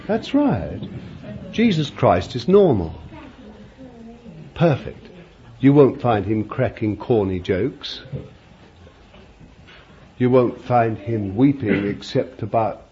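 A man's voice: mid-range voice, very animated, slow pace, long pauses, dark tone. An older man preaching a sermon, emphatic and chuckling often, repeating his phrases. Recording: dull lo-fi recording with faint background noise.

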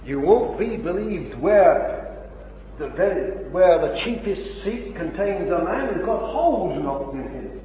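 A man preaching a sermon, impassioned, with rhetorical questions, swinging between loud and hushed. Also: high voice, expressive, takes it slowly, slight background noise. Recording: dull old recording in an echoey hall.

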